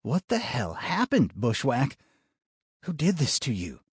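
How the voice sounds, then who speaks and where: A grim frontier marshal, voiced by a man. He speaks in short commanding bursts with a slightly husky edge. The tone stays steady and flat-footed. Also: mid-range voice, a little slow, dry recording, studio quality, pitched above the performer's own voice, exaggerated voice. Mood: urgent.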